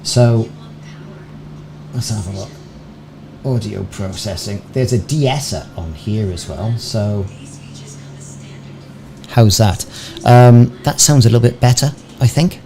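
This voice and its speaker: A gaming streamer with a lowish, mellow voice and lively intonation chats unhurriedly on a casual live stream, rambling and poking fun at himself. He talks into a desk podcast microphone in a small home room, with faint fan noise in the background.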